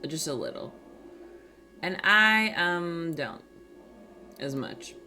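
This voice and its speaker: Soft-spoken woman, lively bright voice. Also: lowish voice, slow, faint music behind. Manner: soft-spoken, chatty, reading out chat messages. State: quiet morning voice. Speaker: livestream host. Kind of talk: casual chat with stream viewers. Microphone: small desk microphone.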